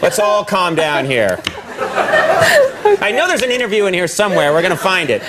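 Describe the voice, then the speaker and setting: A man hosting a late-night talk show, goofy and animated, often laughing and joking with his guest. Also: high-pitched, moderate pace, over a noisy crowd. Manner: goofy, animated, laughing, doing silly voices. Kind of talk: comic talk show interview. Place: TV studio with live audience. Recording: loud studio audience and noise.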